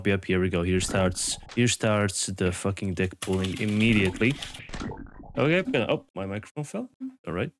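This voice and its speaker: A young man giving casual gameplay commentary, swearing and getting frustrated, jumping into high yells. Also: no room sound. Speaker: gaming video host.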